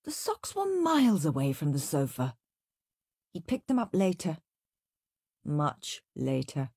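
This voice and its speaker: A woman reading a children's story aloud, expressive and playful. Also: deep voice, a little slow, slightly rough, no room sound, studio quality.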